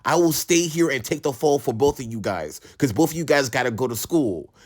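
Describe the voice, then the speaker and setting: A calm, selfless young woman, as a man quotes her in his own voice, reassuring and steady. She speaks plainly and without fuss. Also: medium pitch, brisk, a little hiss or hum, natural voice.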